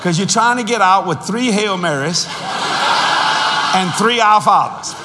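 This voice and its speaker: Animated older preacher in echoey hall. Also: male voice, sits high, heavy background noise. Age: 60s. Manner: animated storytelling with laughter and sudden shouts; drawn-out emphatic phrasing. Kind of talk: sermon.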